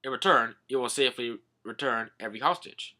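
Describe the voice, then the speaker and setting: A man's voice: mid-range voice, brisk, pushed and bright. A man voicing a formal, earnest young male prince speaking politely.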